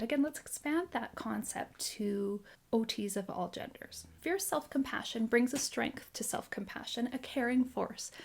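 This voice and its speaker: Earnest woman with a gravelly voice. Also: a little high. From Canada. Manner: earnest, measured, gently encouraging. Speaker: occupational therapist and coach. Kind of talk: scripted talk to camera.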